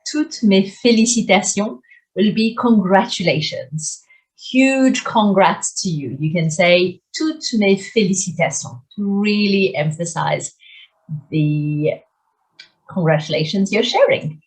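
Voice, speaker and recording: Slow, clear-speaking woman language teacher. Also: mid-range voice, expressive. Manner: clear, deliberate, repeats phrases slowly for pronunciation. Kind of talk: scripted video lesson.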